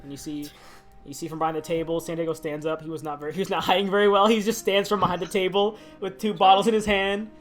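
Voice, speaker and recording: A male game master narrating a tabletop game on a live stream in a casual, chatty way. His voice sits a little high for a man, he laughs often and restarts his sentences, and soft guitar music plays quietly behind him. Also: steady tone, fast.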